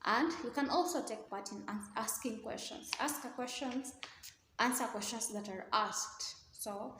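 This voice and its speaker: Female teacher, fairly high voice, methodical revision lesson, roomy echo, faint hiss. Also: measured pace, fairly bright tone. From Kenya. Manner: explains step by step, repeats key words. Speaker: English teacher. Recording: echoey room with faint noise.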